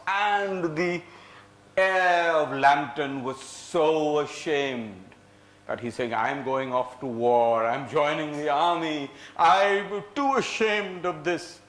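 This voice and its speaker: A storyteller with a slightly high voice tells a folk tale slowly and with dramatic flair at an indoor venue before a live audience. He is lively, swings between loud and soft, acts out lines, and leads the listeners in acting the story out, all in an echoey room.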